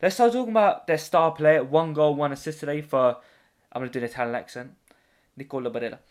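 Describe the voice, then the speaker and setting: A man's voice: fairly high pitch, fast. A man hosting a casual football podcast, joking and rambling as he leads the chat. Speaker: podcast host.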